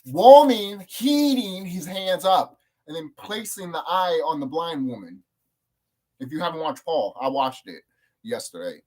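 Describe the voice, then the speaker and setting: Man, higher voice, loose profane monologue, excitable. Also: a little slow. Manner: rambling, profane, excitable, with sudden jumps up in pitch. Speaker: video creator. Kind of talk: casual monologue.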